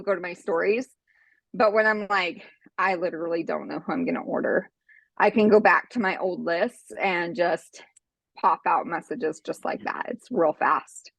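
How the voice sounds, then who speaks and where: A woman in her forties tells a long story on a video call, talking in quick bursts. She is a little out of breath. Her voice has a middle pitch and a dry, close sound. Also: no echo. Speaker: team member sharing tips. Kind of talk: casual video call chat.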